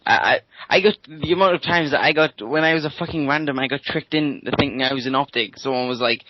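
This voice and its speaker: A man's voice: a little high, fast, hardly any pauses, no room sound. A young British man co-hosting a podcast in casual chat, teasing and swearing, with frequent restarts. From United Kingdom. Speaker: podcast co-host. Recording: dull lo-fi mic sound.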